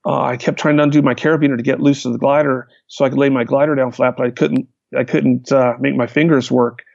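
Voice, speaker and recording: A man, a hang glider pilot, recounting his flights in a lively storytelling manner. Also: medium pitch, fast talker, gravelly, dry recording. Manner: animated, vivid retelling with restarts. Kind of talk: storytelling in a conversation. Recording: dull, lo-fi, dry sound.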